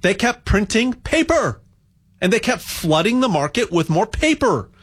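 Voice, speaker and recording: Rambling, excitable man pitching gold. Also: a little slow, slightly rough. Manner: rambling, repeats words, rants. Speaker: gold promoter. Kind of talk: casual sales monologue.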